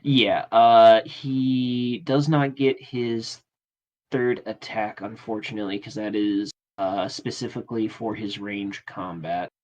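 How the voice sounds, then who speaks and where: A man running a tabletop game as game master, narrating casually and often pausing on fillers. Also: on the low side, steady tone, darkish tone, dull audio. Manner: casual, halting, many fillers.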